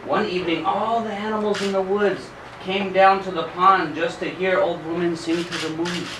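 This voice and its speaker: A man reading a picture book aloud to children at a school event, pausing to show the pictures. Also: high voice, steady tone. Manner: pauses to show the pictures, checks in with okay. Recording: echoey room, distant mic, background noise.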